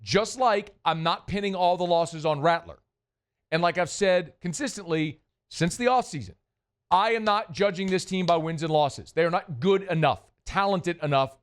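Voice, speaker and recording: A man hosting a sports talk show, delivering a blunt, emphatic opinion monologue that hammers points with repetition. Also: a little high. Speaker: sports radio host.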